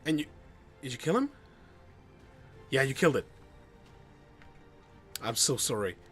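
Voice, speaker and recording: Excitable man giving game commentary. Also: mid-range voice, measured pace, faint music behind. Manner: excitable, swears and groans at bad luck. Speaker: gamer streaming a playthrough. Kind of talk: live gameplay commentary.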